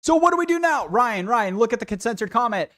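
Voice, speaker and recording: A man's voice: very high voice, big pitch swings, fast, fairly bright tone. A young man livestreaming a video game, ranting and swearing in exasperation while talking casually to his viewers.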